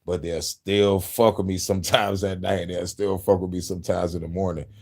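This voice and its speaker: A man's voice: sits low, flat delivery, fairly quick. A man talking casually to his viewers, frustrated and profane, laughing often. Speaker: YouTuber.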